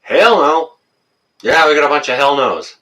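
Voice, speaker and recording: A man's voice: mid-range voice, lively intonation, fast talker, pushed and bright, far from the mic. A man hosting a casual livestream, reading viewer comments and ranting, getting worked up and then apologizing.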